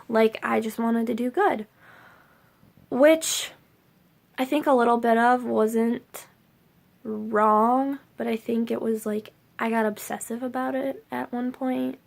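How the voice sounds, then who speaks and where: A woman's voice: a little high, steady tone, slow pace, gravelly. A young woman vlogging to camera, rambling casually with lots of filler words.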